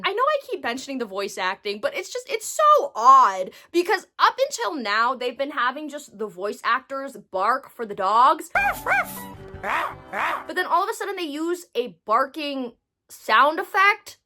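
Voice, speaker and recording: A woman's voice: high-pitched, very animated, a little slow, sharp tone. A woman giving comedic movie commentary, sarcastic and incredulous, swearing freely. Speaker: movie reviewer.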